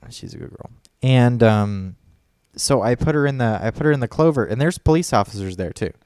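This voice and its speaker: A man's voice: mid-range voice, expressive, brisk, darkish tone, clean tone, no echo, clean studio sound. A man telling a story in casual chat as a podcast co-host, rambling and profane, full of fillers and restarts.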